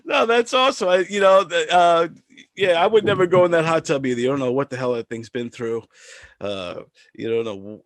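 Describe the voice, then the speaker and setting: A man hosting a casual chat, easygoing and quick to laugh. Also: a little high, dry recording, clean studio sound. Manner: easygoing, laughs often, halting restarts. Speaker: host.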